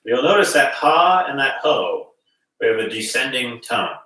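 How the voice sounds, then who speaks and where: A man teaching a gentle qigong class, calmly guiding breaths and movements. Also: mid-range voice, measured pace. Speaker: qigong instructor. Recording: very echoey room, distant mic.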